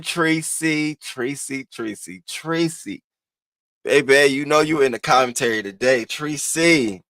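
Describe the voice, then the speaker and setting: A man hosting a casual livestream, greeting viewers one by one in an animated, playful way. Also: no echo. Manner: animated, playful, swoops up high when greeting people. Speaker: livestream host.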